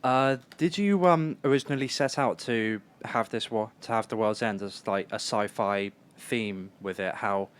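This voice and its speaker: A man's voice: fairly low pitch, moderate pace, few pauses, clean tone. Hesitant man asking from the audience. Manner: hesitant, with fillers. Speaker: audience member.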